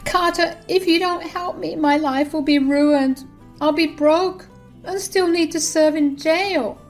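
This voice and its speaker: A woman voicing an entitled, desperate mother-in-law who pleads from jail in a shrill, high-strung way. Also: normal speed, soft background music, natural voice. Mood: pleading.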